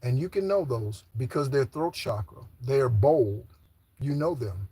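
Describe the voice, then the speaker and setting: Husky man rambling about spirit. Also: medium pitch, expressive, a little slow, dark tone, dry recording. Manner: casual, swearing, frequent "okay?" and "right?". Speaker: spiritual channel host.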